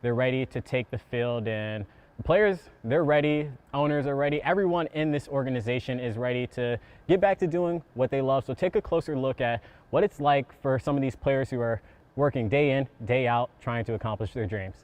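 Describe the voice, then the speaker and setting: A man reporting for local TV news in a casual, energetic way, a bit out of breath. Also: medium pitch, brisk, smooth. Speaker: sports reporter.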